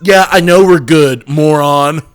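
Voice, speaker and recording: A man hosting a podcast in casual chat, reacting quickly and throwing in jokey asides. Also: fairly high pitch, clean tone. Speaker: podcast host.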